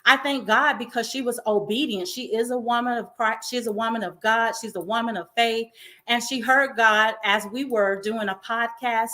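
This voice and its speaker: A woman's voice: on the high side, sharp tone. A woman hosting a show, talking in an emotional, effusive, faith-filled way to encourage her viewers. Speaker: host. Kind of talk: inspirational talk-show monologue.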